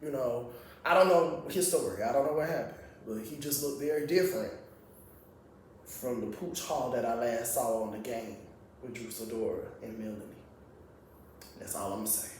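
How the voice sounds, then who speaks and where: A man's voice: medium pitch, normal speed, far from the mic, slight background noise. A man giving a blunt, profane, rambling casual opinion monologue as a reality TV commentator. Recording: very echoey room, off-mic.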